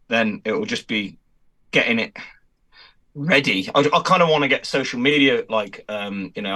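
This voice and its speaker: A man's voice: mid-range voice, pushed and bright. A man with a British accent, a musician guest chatting laid-back in an interview, filling his talk with "like" and "you know what I mean". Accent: British English. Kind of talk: casual chat interview.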